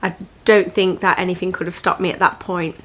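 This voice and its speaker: A young woman talks straight to camera in a personal storytime vlog. She sounds earnest and reflective, pausing and restarting as she works through emotional memories. Her tone turns motivational and heartfelt. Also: fairly low pitch, little pitch movement, a bit bright. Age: 20s. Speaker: vlogger.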